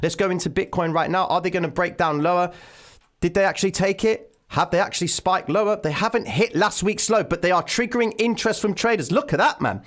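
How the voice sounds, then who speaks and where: Man, excitable live market commentary, desk mic at home, talks to ladies and gentlemen. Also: high voice, fairly quick. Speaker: trading livestream host. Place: home room, daughter present. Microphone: desk microphone.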